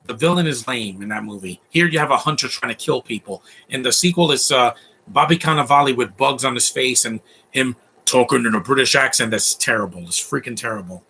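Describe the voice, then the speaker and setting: A man's voice: mid-range voice, fairly quick, gravelly, sharp tone, husky. A man in his thirties giving a casual, opinionated live commentary on a film, chatty and full of fillers. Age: 30s. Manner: chatty, opinionated, laughs often, many fillers.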